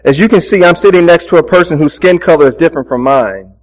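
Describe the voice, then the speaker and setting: A man's voice: a little high, quick pace, highs cut off, lightly acted. A pastor voicing a haughty, demanding wealthy woman passenger in a story he tells during a sermon. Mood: indignant. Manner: indignant, demanding.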